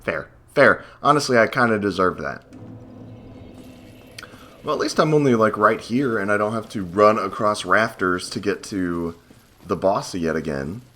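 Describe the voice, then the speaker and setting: A man's voice: lowish voice, lively intonation, moderate pace, pushed and bright. A man commenting casually as he plays a hard video game, rambling, cursing and mocking himself. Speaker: gameplay host. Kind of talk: let's play commentary.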